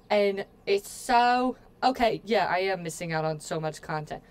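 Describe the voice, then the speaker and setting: A woman's voice: mid-range voice, moderate pace, a little mellow, faint music behind. Woman game streamer, casual let's-play talk, playful and jokey, chatty with viewers. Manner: playful, joking asides to chat; chatty, addresses viewers often.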